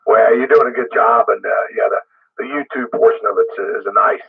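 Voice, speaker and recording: A man calling in to a ham radio net, friendly and easygoing as he gives his signal report. His voice is low and a bit husky. It comes through as a thin, tinny radio transmission. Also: brisk. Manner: friendly, easygoing on-air chatter. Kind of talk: casual ham radio check-in.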